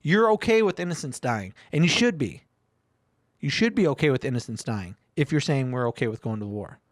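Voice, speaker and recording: A man's voice: medium pitch, very animated, fairly quick, dry recording, studio quality. A man co-hosting a talk show, arguing bluntly and provocatively, with frequent swearing. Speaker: podcast co-host. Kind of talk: opinionated casual talk.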